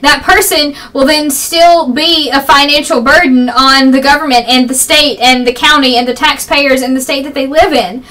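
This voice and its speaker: A young woman vlogging casually about politics, talking quickly and rambling with strong opinions, her voice a little froggy. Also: high voice, steady tone, sharp tone. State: slightly froggy voice. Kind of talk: fast casual political vlog. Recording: distant camera mic.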